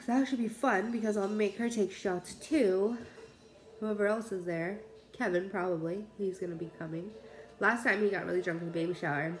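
A woman's voice: mid-range voice, moderate pace. Chatty pregnant woman cooking at home. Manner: chatty, laughs often, rambling. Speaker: cooking vlogger. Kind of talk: casual chat while cooking. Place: home kitchen.

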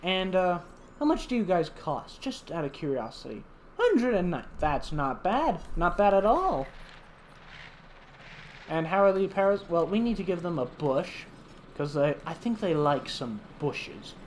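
A man's voice: high voice, big pitch swings, measured pace, slight background noise. Chatty man narrating a game playfully. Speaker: gaming channel host. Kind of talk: casual gameplay commentary.

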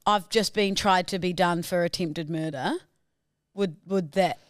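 A man co-hosting a podcast, teasing his friend with quick jokey quips. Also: high voice, no echo, studio quality. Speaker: podcast co-host. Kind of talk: casual chat.

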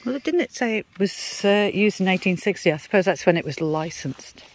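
A co-host narrating the intro and reading a plaque aloud in a plain, measured way. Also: mid-range voice, lively intonation.

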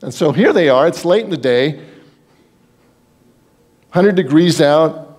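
Preaching with emphasis at a measured pace, a male pastor sounds animated, his voice a little high. He puts rhetorical questions to the congregation, shifting between loud passages and hushed ones.

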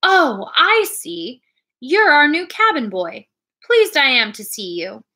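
A woman's voice: lively intonation, measured pace, sharp tone. Long John Silver, as a woman reads him, hearty pirate innkeeper. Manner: hearty, booming, old sailor talk. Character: jovial one-legged pirate innkeeper, tall, strong man.

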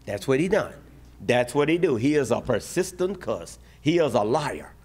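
A male pastor preaching a sermon in animated style, using a relaxed dialect and acting out short voiced asides. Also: mid-range voice, moderate pace, slightly rough.

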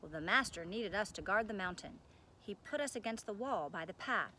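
Woman reader doing scared male gargoyles, storybook creatures, moaning, hushed whispers. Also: mid-range voice, lively intonation, fairly quick, a little hiss or hum. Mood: mournful. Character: frightened stone gargoyle brothers, male.

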